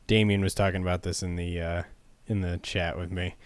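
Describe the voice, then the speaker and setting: Young male co-host, low pitch, dry, sarcastic and jokey. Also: little pitch movement, a little fast, dry recording. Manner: joking, sarcastic. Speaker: podcast co-host. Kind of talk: casual chat.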